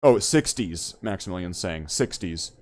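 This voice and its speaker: A man's voice: low voice, animated, unhurried. Rambling, joking man on a podcast. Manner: rambling, joking, swears a lot. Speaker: podcast host. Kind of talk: casual profane chat.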